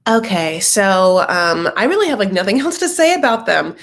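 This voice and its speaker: Sitting cross-legged at home, a man recaps a reality show in casual, campy commentary, calling the viewer honey. His voice sits high, expressive and a bit bright, at normal speed.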